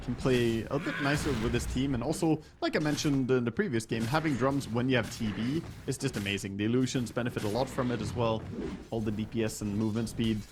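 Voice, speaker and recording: A man's voice: mid-range voice, fast, music in the background. A man giving color commentary on an esports match, explaining plays in an easygoing way. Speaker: esports analyst.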